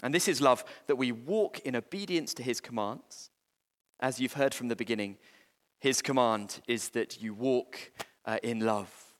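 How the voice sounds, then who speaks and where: A man preaching a sermon, earnest and halting, with frequent restarts and fillers. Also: medium pitch. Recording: long hall reverb.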